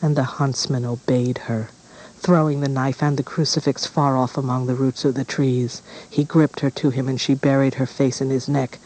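Man reading a dark fairy tale. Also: medium pitch, rough recording. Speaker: narrator.

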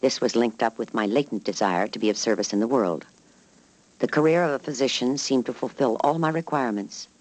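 A man reading a first-person memoir aloud as a narrator, in a measured, even way. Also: medium pitch, rough recording. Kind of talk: scripted narration.

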